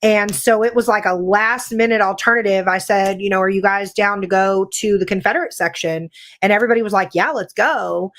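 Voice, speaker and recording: A woman from California, a paranormal investigator, talking in a chatty, animated way full of "like" and "you know". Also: medium pitch, fairly quick. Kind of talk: casual podcast chat.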